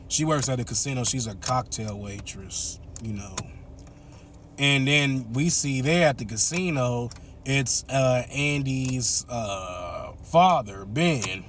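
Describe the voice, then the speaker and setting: A man's voice: mid-range voice, slight background noise. A man casually retelling a movie plot, chatty and laughing often as he acts out the characters' lines. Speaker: movie reviewer.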